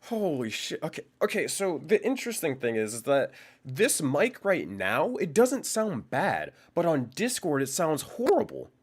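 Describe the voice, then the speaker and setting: Speaking into a condenser microphone, a young man hosts a live stream and chats loosely with his viewers, thinking aloud as he goes. His fairly high voice is sing-song, unhurried and slightly rough, and he swears and laughs often.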